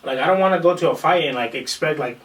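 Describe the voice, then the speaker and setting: A man's voice: a little high, fast. A man who trains in jiu-jitsu, telling a long story on a casual podcast. He swears freely and acts out what other people said. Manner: animated, profane storytelling that acts out quotes. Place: room in a small podcast setup. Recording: roomy echo, far from the mic.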